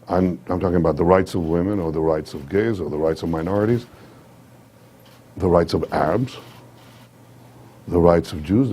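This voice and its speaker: A man with a sore throat, giving measured public remarks at an event, pausing often with fillers. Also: deep voice, warm tone, breathy edge. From Israel. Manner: measured, hesitant with many fillers. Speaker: guest speaker.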